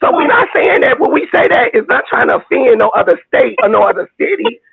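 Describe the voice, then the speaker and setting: A woman, talking loudly and emphatically in a heated casual chat, repeating herself as she makes her point. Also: high voice, very animated, fast talker, creaky, slightly rough, phone-quality sound. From Chicago, USA. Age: 50s.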